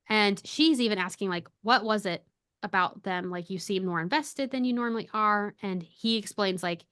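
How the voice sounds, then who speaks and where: A young adult woman co-hosting a podcast, casually retelling a story with lively quoted dialogue. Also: medium pitch, normal speed, clean tone, dry recording, clean studio sound. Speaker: podcast co-host. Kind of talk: casual book discussion.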